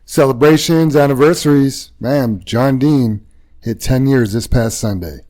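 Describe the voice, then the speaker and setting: A man's voice: mid-range voice, a little slow, a little mellow. Man hosting a casual podcast. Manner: upbeat, reads announcements. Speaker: podcast host. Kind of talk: casual chat.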